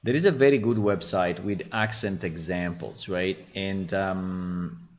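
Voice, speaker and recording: A man from Italy with an Italian accent, a game developer host talking casually while browsing, halting and restarting as he thinks aloud. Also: sits low. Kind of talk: casual screen-share talk.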